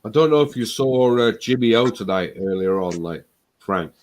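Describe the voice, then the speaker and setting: A man's voice: lowish voice, lively intonation, normal speed, slight background noise. Man, blunt, swearing, casual chat.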